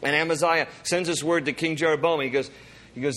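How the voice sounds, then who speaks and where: Man, pastor, sermon delivery, animated, fairly high-pitched voice, acts out the quoted speakers. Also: fast.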